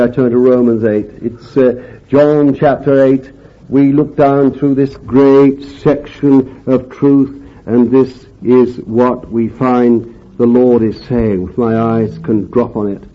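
A man preaching a fervent sermon, swinging between loud exclamations and quiet asides. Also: medium pitch. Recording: dull lo-fi recording.

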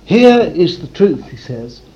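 A man preaches to a congregation with a fairly high, very animated voice, swinging between loud declarations and hushed asides. The recording is dull and a little noisy. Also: a little slow. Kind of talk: sermon. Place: room with a congregation.

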